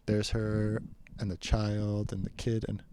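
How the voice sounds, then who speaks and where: A man's voice: on the low side, monotone, slow pace, dark tone, clean tone. A man telling a rambling, casual personal story, quoting the people in it. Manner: rambling, chatty, quotes people in his story.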